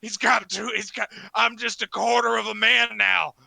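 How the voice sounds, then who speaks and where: A man voicing a rowdy one-handed brawler who wrestles a gator, yelling frantically. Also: high-pitched, fairly even intonation, moderate pace, gravelly, no echo, voice pushed up, exaggerated voice. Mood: frantic yelling.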